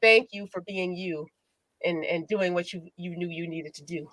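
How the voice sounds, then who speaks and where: A woman hosting a podcast as a life coach, telling personal stories in an expressive, motivational way. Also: on the low side, moderate pace, no room sound. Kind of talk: casual podcast chat.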